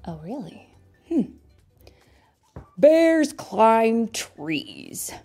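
Woman as a skeptical storybook turtle, slow and doubtful, gravelly edge. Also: low-pitched, big pitch swings, a little mellow, soft background music, full character voice. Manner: doubtful, deliberate. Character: skeptical male blue turtle.

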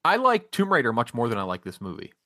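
Casting: man, mid-pitch, rambling and hesitant, casual swearing, dry close sound. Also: wildly swooping pitch, fast, pushed and bright, no echo. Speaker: podcast co-host. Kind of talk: casual movie chat.

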